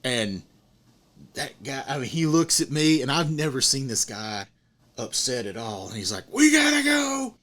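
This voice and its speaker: Animated storytelling dad. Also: male voice, medium pitch, moderate pace. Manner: animated storyteller, acts out quotes. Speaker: podcast host. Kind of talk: casual storytelling chat.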